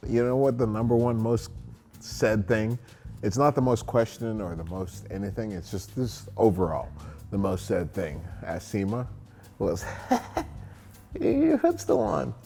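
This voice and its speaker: Deep-voiced tipsy young man rambling. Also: moderate pace, dark tone, soft background music. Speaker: interview guest. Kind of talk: drunken casual interview.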